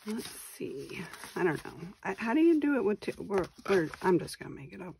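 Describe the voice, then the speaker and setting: A woman's voice: mid-range voice, sing-song, a little fast, creaky, a little hiss or hum. A woman in her forties from Wisconsin, hosting a casual papercraft tutorial and chatting to herself as she works. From Wisconsin, USA. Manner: chatty, mutters to herself while working. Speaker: papercraft channel host. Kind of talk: casual craft tutorial chat.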